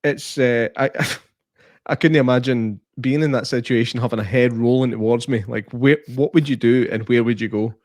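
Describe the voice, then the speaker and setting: A man's voice: medium pitch, fairly even intonation, normal speed, a little mellow, no room sound. A Scottish man co-hosting a podcast, trading dry, sweary banter in a casual film chat. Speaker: podcast co-host.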